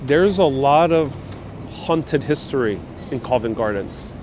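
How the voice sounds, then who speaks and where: A man's voice: medium pitch, animated, unhurried. A man guiding a live-streamed city bus tour, chatting casually and reading out viewer comments. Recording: faint street and traffic noise.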